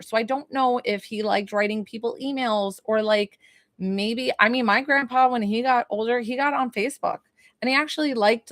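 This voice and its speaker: A woman's voice: a little high, no echo. A young adult woman working as a psychic medium in a live-streamed reading, talking in a chatty, hesitant way with many fillers and questions.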